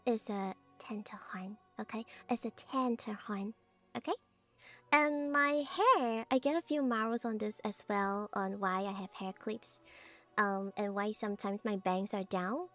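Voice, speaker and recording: A woman's voice: fairly high pitch, a bit bright. A woman VTuber chatting playfully on stream, teasing her viewers in a cult-priestess persona. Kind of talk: playful stream chat showing off her avatar.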